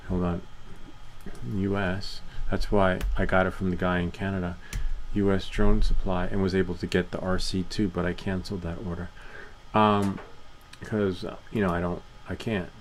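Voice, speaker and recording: A man's voice: deep voice, little pitch movement, moderate pace, a little hiss or hum. A man casually walking viewers through a screen-share tech video, chatty and rambling as he clicks along. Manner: rambling, chatty, laughs at his own stories.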